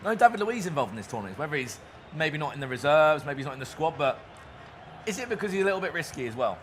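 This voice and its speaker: Excitable male esports co-commentator. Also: fairly high pitch, fast, a little hiss or hum. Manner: animated, bursts into shouting on goals.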